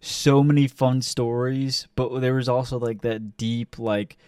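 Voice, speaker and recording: A young man co-hosting a casual podcast, telling a story with lots of swearing and loud acted-out quotes. His voice is smooth and clear. He sits a little back from the mic in a dry room. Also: mid-range voice, measured pace, no echo, distant mic. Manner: animated, profane, acts out quotes loudly. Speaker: podcast co-host.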